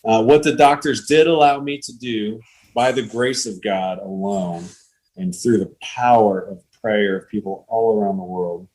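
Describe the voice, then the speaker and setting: A man's voice: lowish voice, fairly even intonation, unhurried, a little mellow, rough recording. A man in his late thirties, a podcast guest, telling his faith story in an earnest, plain-spoken way over a call. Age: 30s. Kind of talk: testimony in casual conversation.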